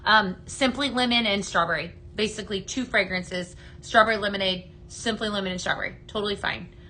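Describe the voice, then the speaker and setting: A woman with a bright, clear voice hosts a relaxed live sales stream. She chats her way through products and viewer questions, stopping and restarting her sentences as she goes. A faint hiss of noise sits under her voice. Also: mid-range voice. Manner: chatty and halting, with many fillers and restarts. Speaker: company staff host of a live sales stream. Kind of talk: casual live product demo, answering viewer comments.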